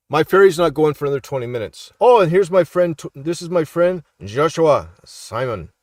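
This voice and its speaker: A middle-aged man with a slightly high voice talks through posts in a loose, preachy commentary. He keeps checking in with his listeners. The sound is dry and close, with little room in it. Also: no room sound. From Canada. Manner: preachy, repeats "all right?" for emphasis. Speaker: street minister and YouTube commentator. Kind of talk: casual live commentary reading online posts.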